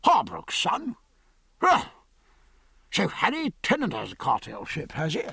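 Coarse old general, bluff and scoffing, pitch jumping high and loud, as a male reader puts him on. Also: wildly swooping pitch, measured pace, vocal fry, slightly rough, no room sound, heavily acted. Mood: blustering. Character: blustering elderly general, crude and coarse.

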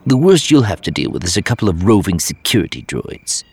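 A man voicing a clever, self-assured male spy advisor who talks in a brisk, reassuring way. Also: low voice, big pitch swings, darkish tone, husky, pitched above the performer's own voice, heavily acted. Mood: confident.

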